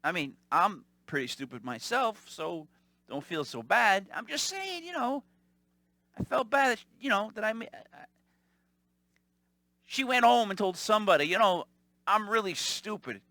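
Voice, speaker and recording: A man hosting a podcast, telling rambling stories in a casual, animated way and mimicking the people in them. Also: high-pitched, normal speed, long pauses, no room sound. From Italian-American family. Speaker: podcast host. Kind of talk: casual storytelling monologue.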